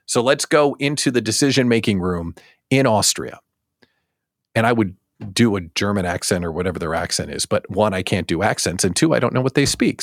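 A man hosts a live morning chat from his basement, cracking jokes and acting out little scenes. His pitch swoops up and down with a lot of expression. The sound is close and dry. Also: no echo. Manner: animated, jokey, acts out scenes. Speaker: live show host. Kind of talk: casual morning show chat. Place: home basement studio.

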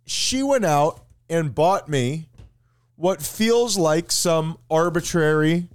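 A man's voice: slow pace, clear, resonant tone. A man co-hosting a podcast in casual comedic chat, playful and mock-grandiose in his delivery. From Florida, USA. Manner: playful, mock-grandiose, lively pitch swings. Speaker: podcast co-host.

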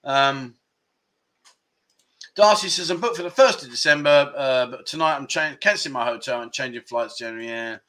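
A man's voice: mid-range voice, moderate pace, pushed and bright. A man in his fifties hosting a casual livestream, chatting candidly and reading out viewer comments with frequent chuckles. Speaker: livestream host.

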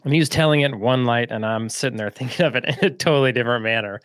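A man co-hosting a podcast, telling a story in a relaxed, chatty way, with frequent laughs and fillers. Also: medium pitch, no room sound, studio quality. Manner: laid-back, laughs often, quick bursts with lots of fillers. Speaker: podcast co-host. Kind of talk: casual storytelling chat.

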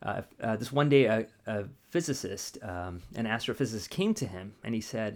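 A man co-hosting a faith podcast, telling stories in a casual, lively way. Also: fairly low pitch, moderate pace, hardly any pauses. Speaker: podcast co-host.

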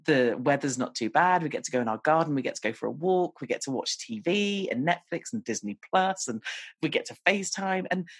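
A husky-voiced woman in her forties speaks frankly and pokes fun at herself in a relaxed podcast conversation. Her voice is close and dry on the mic, with little room sound. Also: low voice, brisk, no room sound. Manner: candid, self-deprecating and chatty. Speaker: podcast guest. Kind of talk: casual conversation.

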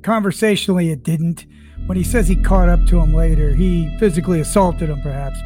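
Careful man with a higher voice. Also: a little mellow. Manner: careful and explanatory. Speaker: host and editor of the show. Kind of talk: clarifying aside to the audience.

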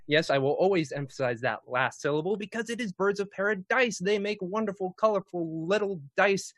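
A man hosts a tabletop game stream as dungeon master, chatting casually in a jokey, playful way. His voice is high and brisk. The sound is clean studio quality with no echo.

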